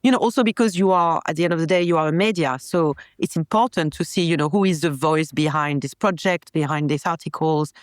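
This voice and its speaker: A woman's voice: low voice, brisk, few pauses, no room sound. Rambling French woman, dry close sound. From France. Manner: rambling, chatty, frequent restarts. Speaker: podcast guest, illustrator. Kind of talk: casual interview chat.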